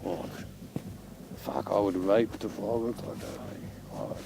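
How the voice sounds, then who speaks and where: A young man with a low, gravelly voice drawls through a crude, rambling comedy rant, tagging his lines with "mate" and "eh". He talks slowly and loosely, recorded outdoors at a festival with loud noise all around. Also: steady tone. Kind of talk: improvised in-character comedy rant.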